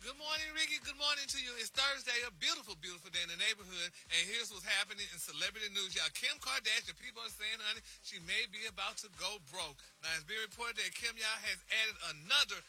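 A man's voice: high voice, quick pace, few pauses, pushed and bright, soft background music. A man reading the celebrity news on a morning radio show, sassy and chatty, dropping "honey" and "y'all" into nearly every line. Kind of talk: gossip segment on morning radio.

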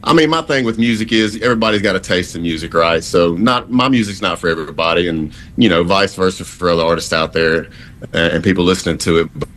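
A man's voice: low-pitched, quick pace, fairly bright tone, slight background noise. A man from Louisiana, a country singer in his thirties, answering interview questions in an easygoing, drawling way.

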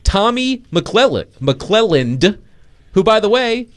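A man hosting a sports talk show in casual chat, his voice sitting a little high. He swings widely in pitch, teasing and mock-incredulous as he sets up each bit. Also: very animated, takes it slowly. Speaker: sports radio host.

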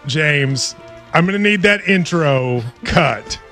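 A man's voice: a little high, lively intonation, takes it slowly, bright, forceful tone, soft background music. A man hosting a sports talk show in a casual way, giggly and often breaking into laughter. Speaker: show host.

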